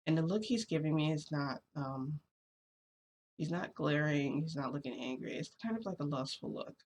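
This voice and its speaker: A woman's voice: low voice, moderate pace, a little mellow, slight background noise. A young woman vlogger telling a personal story in a casual, rambling way, full of fillers.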